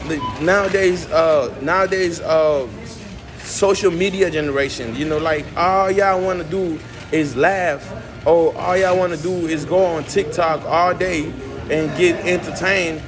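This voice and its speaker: A man's voice: on the high side, fairly even intonation, unhurried, music in the background. A man vlogging from a coffee shop, rambling and emphatic as he fires off rhetorical questions to his viewers. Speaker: vlogger and musician. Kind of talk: casual rant to camera. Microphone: phone camera.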